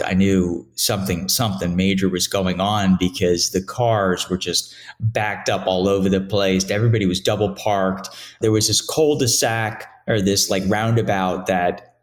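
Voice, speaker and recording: Man, middle-aged, interview guest, halting, repeats words, voice jumps up when quoting others. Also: fairly low pitch. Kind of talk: emotional personal account in an interview.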